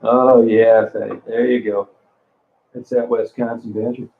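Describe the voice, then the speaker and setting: A man with a lowish voice and vocal fry hosts a casual stream, reading out comments at a measured pace with flat delivery and replying bluntly and crudely. The recording sounds tinny, almost like a phone.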